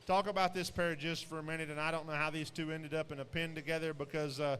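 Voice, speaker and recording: Man, sale-barn commentator, higher voice, rambling folksy delivery, long hall echo. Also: level tone, quick pace, a bit bright, a little hiss or hum. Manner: rambling, folksy, frequent fillers and restarts. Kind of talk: live auction commentary on show pigs.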